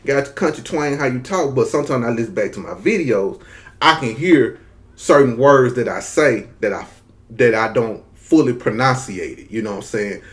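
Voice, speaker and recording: A man with a thick Mississippi drawl tells a story to camera in a loose, laid-back way, stretching his words and peppering them with slang. His voice sits at a plain middle pitch and never sounds polished. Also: animated, moderate pace. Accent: Mississippi Southern drawl. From Mississippi, US South. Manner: laid-back, drags words, slangy, frequent "you know what I'm saying". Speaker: content creator. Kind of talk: casual storytelling monologue.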